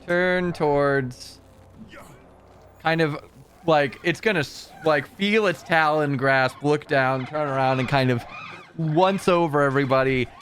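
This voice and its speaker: A man's voice: on the high side, fairly bright tone, slight background noise. Man running a tabletop game. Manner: halting, descriptive narration with fillers. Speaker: game master.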